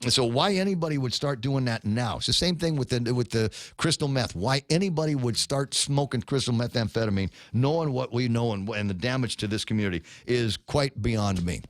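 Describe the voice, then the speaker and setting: Animated, incredulous man in his fifties. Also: medium pitch, a little fast, few pauses, no echo, clean studio sound. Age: 50s. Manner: incredulous, rhetorical, rambling. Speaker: radio talk show host. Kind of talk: morning talk-radio monologue.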